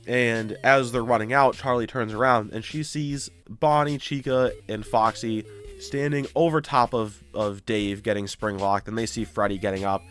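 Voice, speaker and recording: A YouTuber casually recapping a story, animated and acting out the characters' lines. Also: male voice, medium pitch, normal speed, clean tone.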